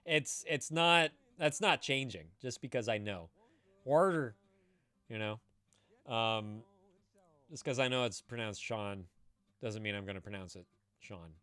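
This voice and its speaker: A man's voice: medium pitch, unhurried, pauses often, sharp tone, smooth, no echo. A man chatting casually on a live stream, rambling, laughing and swearing as he answers viewers.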